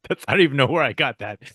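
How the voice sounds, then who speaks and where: A man co-hosts a podcast in casual, joking chat. His delivery is playful and bantering, with a lively, animated pitch. The sound is dry and close on a podcast mic. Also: dry recording. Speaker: podcast co-host.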